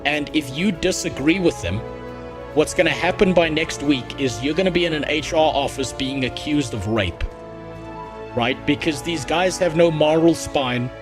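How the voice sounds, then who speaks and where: Male streamer, blunt profane rants, voice a bit higher than most men, faint game music underneath. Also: moderate pace. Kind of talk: casual livestream gameplay chat.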